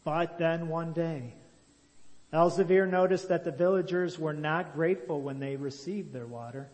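A male storyteller reads a moral tale in a measured, expressive way and then explains it as a religious teacher. His voice sits a little high, with a long echo from a large hall.

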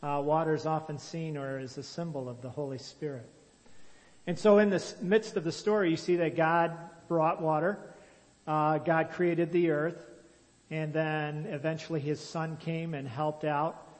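A male storyteller reads a moral tale in a measured, expressive way and then explains it as a religious teacher. His voice sits a little high, with a long echo from a large hall.

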